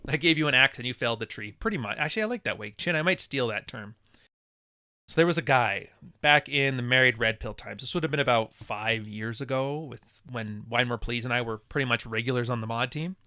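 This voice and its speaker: Man, podcast host, casual livestream talk, blunt and profane, bright voice, dry sound. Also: medium pitch, fairly quick, no room sound. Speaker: podcast host reading live chat.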